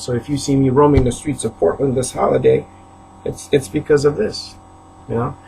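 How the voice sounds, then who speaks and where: A man's voice: medium pitch, steady tone, moderate pace, creaky, dark tone, a little hiss or hum, poor audio. A man from Haiti ranting to camera in his apartment, aggrieved and repetitive, often rising into outbursts. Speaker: preacher. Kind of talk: agitated video rant. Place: apartment, indoors.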